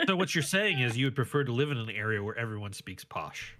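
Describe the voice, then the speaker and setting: A man's voice: mid-range voice, very animated, quick pace, bright, forceful tone. A man, co-hosting a casual podcast and telling chatty, playful stories. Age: 30s. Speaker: podcast co-host.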